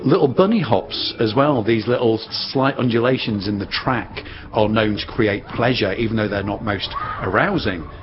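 A male expert with a low voice explains things in a measured, step-by-step way. The recording is dull, and a clear layer of background noise sits behind him. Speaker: scientific expert. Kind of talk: explanatory interview.

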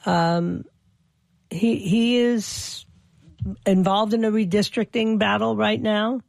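A political commentator talks through an opinion monologue in a gravelly, creaky voice, recorded dry and close with no room sound. The delivery stumbles over repeated words and restarts, then presses points with indignant emphasis. The pitch sits in a middle range. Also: steady tone, takes it slowly, no echo.

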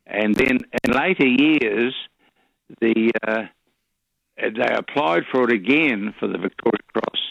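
A man, a regular caller chatting on radio in a rambling, halting way with many fillers. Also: medium pitch, gravelly, a bit bright, no room sound. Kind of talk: casual radio chat. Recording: dull lo-fi radio audio.

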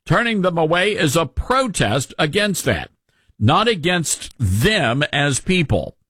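Man, radio host, sarcastic commentary, dry studio sound, fairly high voice. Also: very animated, takes it slowly, a bit bright, husky, no echo. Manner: sarcastic, mocking.

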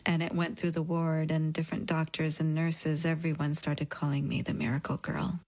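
Woman, interview guest, low pitch, quiet reflective telling, soft near-whispered moments. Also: level tone, moderate pace, dry recording, poor audio. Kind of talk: personal interview account.

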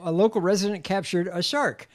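A man's voice: high voice, a little fast. A man co-hosting a casual podcast, reading news headlines aloud with frequent hesitations and ums.

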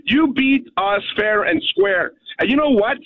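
A man's voice: very high-pitched, animated, unhurried, gravelly. A man from Canada calling in to a radio show, ranting emphatically and peppering his points with "okay?". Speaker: caller. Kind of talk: call-in rant. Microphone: telephone. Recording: tinny dry phone line.

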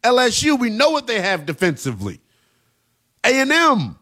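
A man hosting a late-night college football radio show, talking in an animated, emphatic way with plenty of slang. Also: very high-pitched, moderate pace. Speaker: sports radio host.

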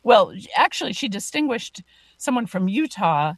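A woman's voice: mid-range voice, very animated, moderate pace, no echo. A woman host asking questions and telling a personal story in a conversational way. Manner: conversational, anecdotal. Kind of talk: radio interview chat.

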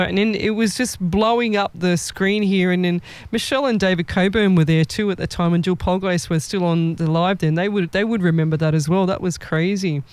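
A woman's voice: fairly low pitch, no room sound. A woman psychic medium chatting casually and acting out the people in her stories. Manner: lively storyteller acting out quoted people. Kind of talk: casual chat.

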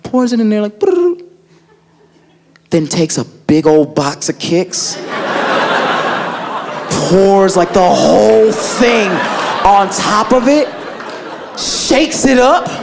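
Animated male stand-up comic, high and lively. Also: takes it slowly, vocal fry, long pauses, crowd noise, background noise. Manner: animated, loads of "like" fillers, acts out family members. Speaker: stand-up comedian. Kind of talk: stand-up comedy storytelling.

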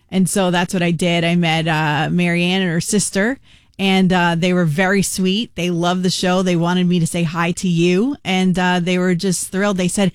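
A woman's voice: fairly low pitch, flat delivery, normal speed, clear, resonant tone, no echo, studio quality. A woman radio host telling a story in casual on-air chat, acting out the voices of the people in it.

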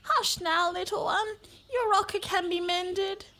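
A woman's voice: extremely high pitch, animated, normal speed, pushed and bright, voice pushed up, heavily acted. A woman voicing a fussy mama koala with a whiny, cooing voice, reading a storybook.

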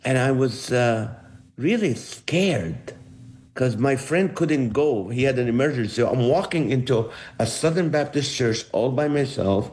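A middle-aged comedian from the Holy Land appears as a guest, telling personal stories at an unhurried pace. He acts out the people he quotes, his voice swinging animatedly in pitch.

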